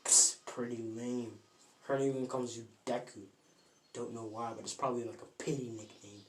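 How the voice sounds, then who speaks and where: A young narrator voicing a cocky teenage boy rival who mocks quietly in a low tone. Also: level tone, moderate pace, close to an everyday voice. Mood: sneering.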